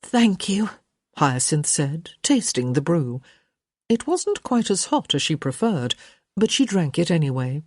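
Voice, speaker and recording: A woman with a fairly low, breathy voice narrates a romance audiobook in measured storytelling. Her delivery rises and falls in a lively way, and the sound is close and dry. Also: dry recording. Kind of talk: scripted narration.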